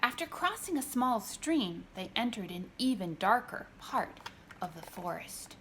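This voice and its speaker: A woman reading her picture book aloud, gentle and expressive. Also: medium pitch, measured pace, slight background noise. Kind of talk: storybook read-aloud.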